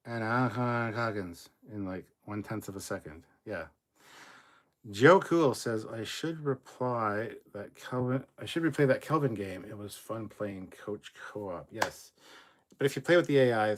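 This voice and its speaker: Casual man reading a live chat. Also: on the low side. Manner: casual, swears freely, reads comments aloud. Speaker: livestream host reading chat.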